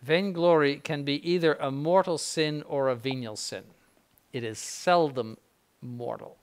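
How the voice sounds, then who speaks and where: A man's voice: fairly high pitch, a little slow. An older man, a bishop, giving an informal spiritual conference in a blunt, conversational way with frequent asides.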